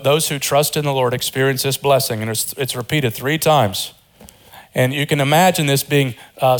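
Earnest preacher with a fairly high voice. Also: male voice. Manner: earnest preaching, swells high and emphatic then drops low and quiet; informal asides and jokes. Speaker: pastor. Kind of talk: sermon.

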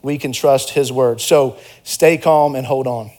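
A young pastor delivers a sermon in a church sanctuary in a mid-range, steady voice with a darkish tone, never hurrying. He's conversational and earnest, alternating personal stories with emphatic exhortations.

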